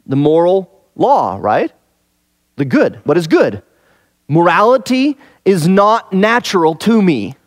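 Male Bible teacher, fairly high voice, dry close sound; conversational, leans on rhetorical questions and repeated key phrases. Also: big pitch swings, takes it slowly, no echo.

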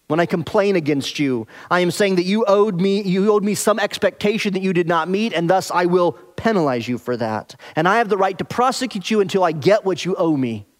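Earnest preaching man, higher voice. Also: animated. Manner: earnest preaching, dropping soft and slow on key phrases. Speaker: pastor. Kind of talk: expository sermon.

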